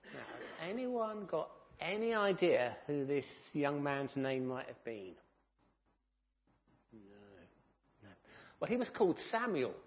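A minister with a mid-range voice, recorded with lo-fi sound, delivers a children's talk at church. He tells a story in a lively way and asks the children questions.

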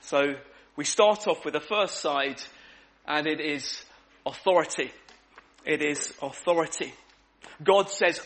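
A man's voice: a little high, takes it slowly, pauses often, fairly bright tone. A man preaching an evening sermon in a conversational way, repeating key words for emphasis.

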